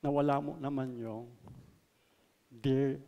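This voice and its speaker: A man with a Filipino accent preaching a sermon, mixing English and Tagalog, stressing words loudly and then letting lines trail off softly. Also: mid-range voice, fairly even intonation, takes it slowly, creaky, big-room sound, highs cut off. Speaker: pastor. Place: church hall.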